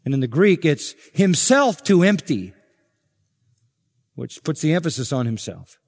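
A man preaching an expository sermon as pastor, emphatic and building to forceful points. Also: fairly high pitch, big pitch swings, a little slow, creaky. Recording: long reverb of a large hall.

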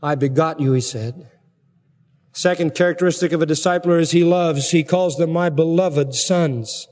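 High-voiced emphatic preacher in a hall. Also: male voice, moderate pace. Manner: emphatic, building to forceful rhetorical peaks. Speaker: pastor. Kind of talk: sermon. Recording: long hall reverb.

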